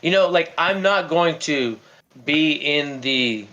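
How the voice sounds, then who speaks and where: A man's voice: a little high, expressive, slow pace, over a noisy crowd. A man hosting a livestream who argues heatedly, stammers and repeats himself as he tells a story. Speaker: livestream host. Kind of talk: heated debate. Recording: dull lo-fi stream audio.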